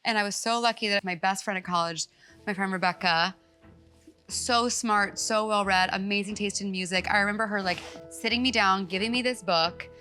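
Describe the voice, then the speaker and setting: A woman's voice: medium pitch, steady tone, normal speed, pushed and bright, faint music behind. A woman in her thirties from Texas, a guest chatting casually and joking at her own expense, with lots of "like". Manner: chatty, self-mocking, lots of "like". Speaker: guest, comedian. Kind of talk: casual chat.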